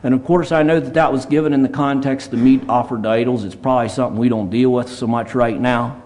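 A man's voice: mid-range voice, steady tone, fast, darkish tone. A man preaching a plainspoken, earnest sermon at a church service, reading scripture aloud. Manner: earnest, plainspoken, reads scripture in King James wording.

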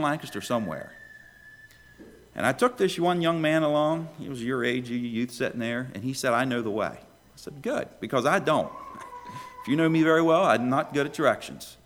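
A man preaching a sermon in a church, swinging between loud questions and hushed low lines. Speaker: pastor.

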